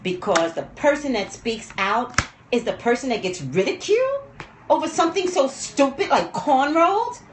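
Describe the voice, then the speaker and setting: A woman commentating on pop culture in a rambling, emotional livestream rant, dropping low and quiet when upset. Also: very animated, moderate pace, echoey room, a little hiss or hum.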